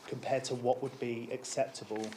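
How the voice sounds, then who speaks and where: Man, mid-pitched, measured explanation, faint hiss behind. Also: flat delivery, a little mellow. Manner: measured, repeats words when starting sentences. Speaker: applicant at a licensing hearing. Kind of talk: formal explanation at a council hearing.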